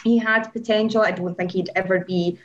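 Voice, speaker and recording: A woman chatting excitedly on a podcast, gushing and laughing often. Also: mid-range voice, brisk, muffled recording. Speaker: podcast co-host. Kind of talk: casual chat about motor racing.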